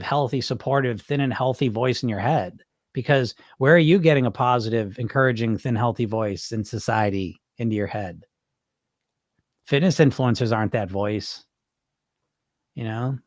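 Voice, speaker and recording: A man's voice: mid-range voice, no echo, clean studio sound. A man hosting a weight loss podcast, talking casually and bluntly to his listeners, with the odd swear word and plenty of restarts. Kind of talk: casual live-stream talk.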